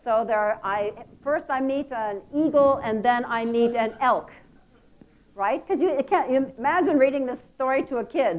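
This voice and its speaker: Woman speaker at a conference, fairly high voice, playful storytelling, muffled lo-fi sound. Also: normal speed. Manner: lively storytelling with playful asides and laughs. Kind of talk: conference talk. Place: conference hall.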